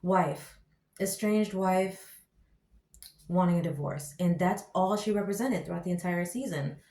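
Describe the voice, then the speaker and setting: A woman reviewing a TV show in casual commentary, ranting in an exasperated, slangy and animated way. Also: fairly low pitch, measured pace. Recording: echoey room.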